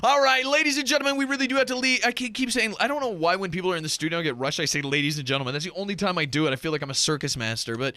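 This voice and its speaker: A man's voice: on the high side, expressive, racing, hardly any pauses, pushed and bright, no room sound. A man hosting a morning radio show in a studio, chatting and trading gossip with guests. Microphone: studio mic.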